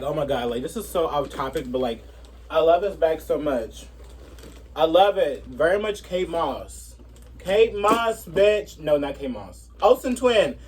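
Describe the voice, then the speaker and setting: A man giving a brash, profane commentary rant in a sassy, animated way. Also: fairly high pitch, slightly rough. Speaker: commentary vlogger.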